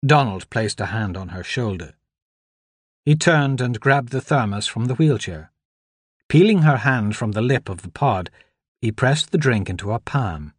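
Slow, measured male audiobook narrator. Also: medium pitch, animated, slightly rough, dry recording. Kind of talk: scripted narration.

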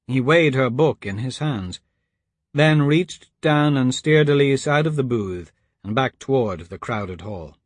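A man reading a children's adventure story aloud in an even, steady storytelling manner. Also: mid-range voice, unhurried, dry recording. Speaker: narrator. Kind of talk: audiobook narration.

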